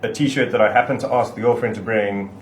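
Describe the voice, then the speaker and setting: A South African man telling a long, excitable anecdote in a casual podcast chat. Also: lowish voice, fairly quick, roomy sound, slight background noise, poor audio. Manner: excitable, rambling anecdote teller.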